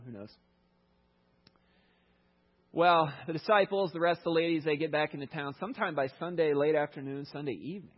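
A preacher with a husky, slightly breathy voice, pitched a little high for a man. He retells the story in a sermon with easy, conversational asides, on a dull, lo-fi recording.

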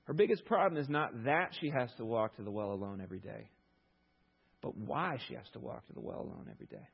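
A male pastor preaching a sermon, retelling a story in an animated way with rhetorical questions. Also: medium pitch, vocal fry, husky, highs cut off.

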